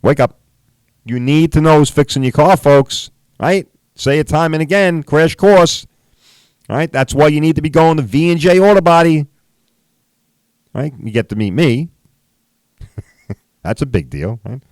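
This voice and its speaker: A man's voice: on the high side, a little slow, pauses often, dry recording. A middle-aged man who hosts a podcast and tells a story in a profane, emphatic rant, often asking "right?". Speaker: podcast host, body shop owner.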